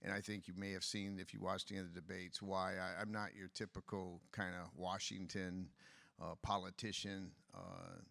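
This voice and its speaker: A man's voice: low voice, expressive, moderate pace, gravelly, bright, forceful tone, no echo. A middle-aged man from Detroit, a political candidate telling his story bluntly in a fireside chat. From Detroit, USA.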